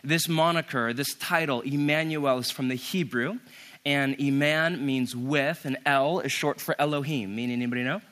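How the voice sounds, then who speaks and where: A man preaching a sermon as pastor, reading scripture and explaining it in a conversational way, with quick asides to the listeners. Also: medium pitch, fairly bright tone. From United States. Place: conference hall with an audience.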